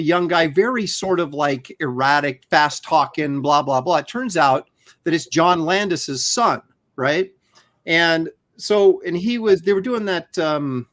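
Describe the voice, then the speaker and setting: A man co-hosting a podcast, telling a casual anecdote in an animated, rambling way with lots of fillers. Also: fairly high pitch. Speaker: podcast co-host.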